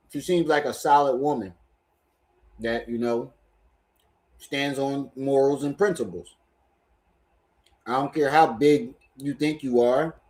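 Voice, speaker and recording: A man hosting a livestream who gives casual commentary and repeats himself in loose, chatty sentences. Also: medium pitch. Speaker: livestream host.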